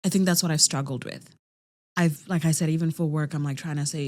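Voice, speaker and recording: A woman's voice: deep voice, fairly quick. A woman in her thirties, a podcast guest, talking candidly and animatedly, acting out what others said. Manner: animated storyteller, acts out quotes. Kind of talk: candid conversational interview.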